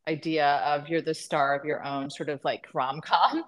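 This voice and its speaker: A woman with a somewhat low voice hosts a casual podcast conversation. She is enthusiastic and gushing, with lots of filler words and warm agreement. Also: steady tone, normal speed. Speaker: podcast host, matchmaker.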